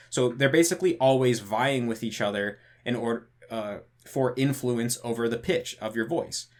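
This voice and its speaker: A man answering viewer questions in a casual monologue, thinking aloud and hedging, with frequent restarts and fillers. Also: mid-range voice. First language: English. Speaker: channel host answering patron questions.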